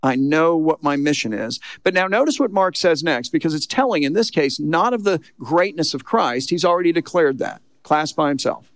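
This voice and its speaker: A man's voice: a little high, animated, moderate pace, few pauses, no room sound, studio quality. A man preaching a sermon as a pastor, in a conversational, emphatic way that keeps checking in with the listeners. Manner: conversational, emphatic preaching with frequent "look" and "okay".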